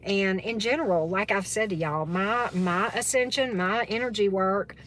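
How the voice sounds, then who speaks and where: A woman's voice: mid-range voice, moderate pace, fairly bright tone, slight background noise. Woman spiritual coach, chatty and casual with her viewers, keeps asking "right?". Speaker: tarot reader and spiritual coach. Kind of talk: casual livestream chat with viewers.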